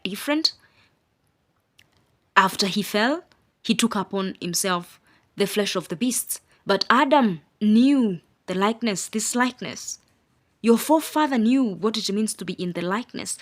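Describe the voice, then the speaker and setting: A woman teaching a Bible study. She stresses single words and repeats phrases, with casual asides between the preaching. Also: medium pitch. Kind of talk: spoken scripture teaching.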